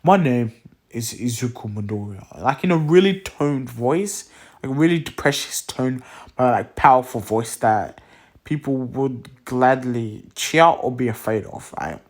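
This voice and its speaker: Tired guy slowly rambling thru a fan story, tons of "like"s, mid voice. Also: mid-range voice. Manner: rambling, filler-heavy, many "like"s and restarts. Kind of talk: casual retelling of a fan story.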